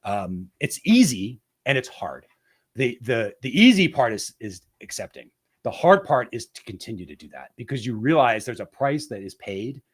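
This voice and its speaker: A man's voice: mid-range voice, very animated, normal speed, husky. A man as a podcast guest, speaking candidly and reflectively, often restarting and repeating words as he searches for the right phrasing. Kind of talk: candid interview conversation.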